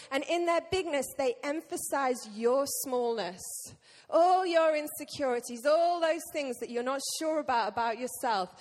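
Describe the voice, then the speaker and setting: A woman pastor preaching a sermon to her church, lively and joking with the congregation. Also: high-pitched. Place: church hall. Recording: long reverb of a church hall.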